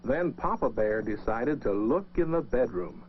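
A man narrating a children's story in a gentle, lilting voice, speaking to young listeners. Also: medium pitch, expressive, a little slow, slight background noise. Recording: dull lo-fi record with music.

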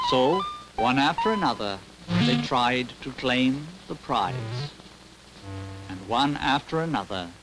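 A man reading a children's storybook aloud in a playful, expressive way. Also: mid-range voice, rough recording. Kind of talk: storybook narration.

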